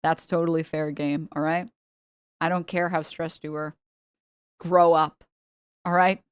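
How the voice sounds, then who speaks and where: A woman's voice: sits low, flat delivery, a little slow, clean tone, dry recording. A young woman streamer reacting heatedly on a live stream, profane and full of stumbling restarts.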